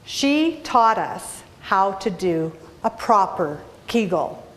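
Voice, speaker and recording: A Canadian woman giving a humorous talk as an inspirational speaker, telling animated stories and asking the audience questions. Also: mid-range voice, takes it slowly.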